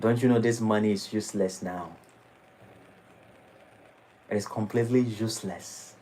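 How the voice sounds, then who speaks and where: A man's voice: lowish voice, fairly even intonation, normal speed, mellow, slight background noise, rough recording. Man preaching. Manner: dramatic, shifting into mocking acted quotes. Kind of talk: sermon. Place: temple hall.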